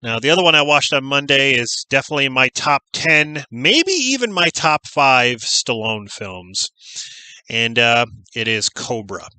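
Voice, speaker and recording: Guy rambling about his horror movie week, bright voice, super dry close mic. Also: mid-range voice, big pitch swings, a little slow, clean tone, dry recording, low-quality recording. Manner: rambling, enthusiastic, lots of fillers and restarts. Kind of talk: casual chat.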